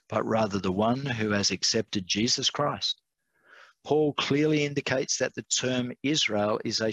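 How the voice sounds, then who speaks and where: A man delivers a sermon-style Bible study, reading verses aloud and stretching out key words for weight. His voice sits low with a husky edge. The sound is dry and close, with no room echo. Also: a bit bright. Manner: emphatic, slows on key words; reads scripture aloud from a study guide. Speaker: preacher.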